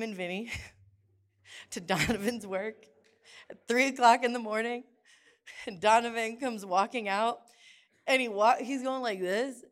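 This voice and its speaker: A middle-aged woman preaching in church, telling a lively personal story and acting out the dialogue in hushed and excited voices. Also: mid-range voice. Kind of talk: sermon with storytelling.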